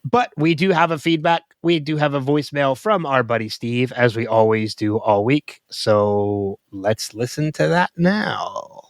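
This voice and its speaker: A man co-hosting a casual podcast, relaxed and a little halting as he talks. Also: mid-range voice, no echo. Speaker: podcast co-host.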